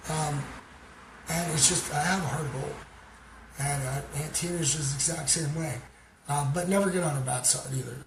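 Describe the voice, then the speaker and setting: A man from Canada hosting a livestream, chatting casually and giving shout-outs to viewers, rambling with many fillers. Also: a little high, moderate pace, vocal fry. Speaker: livestream host. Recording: roomy sound with background noise.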